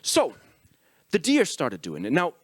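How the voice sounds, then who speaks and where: A man's voice: on the high side, huge pitch swings, unhurried, slightly rough. An Irish man giving a comic conference talk, telling profane, self-mocking anecdotes. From Ireland. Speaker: conference speaker. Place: conference stage.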